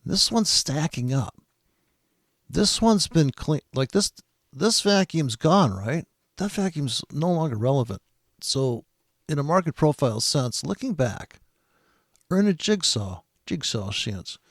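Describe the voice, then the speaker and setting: A man's voice: mid-range voice, big pitch swings, measured pace, no room sound, studio quality. A man giving profane, sarcastic commentary on a trading video, sounding exasperated and swearing often.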